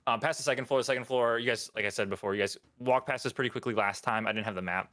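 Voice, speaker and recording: A man's voice: mid-range voice, very fast, bright, forceful tone. A man narrating a tabletop game as dungeon master in a loose, rambling way. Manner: loose, full of fillers and restarts.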